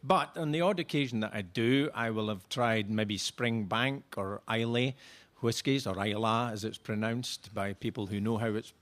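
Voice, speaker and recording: A man's voice: fairly low pitch, normal speed, hardly any pauses. A Scottish man speaking as a panellist on a radio comedy show, with a wry, relishing delivery. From Scotland.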